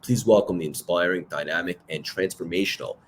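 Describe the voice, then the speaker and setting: Deep-voiced New York podcast host. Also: male voice, fairly quick, slight background noise. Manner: hype-filled, effusive introductions. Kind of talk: live podcast interview.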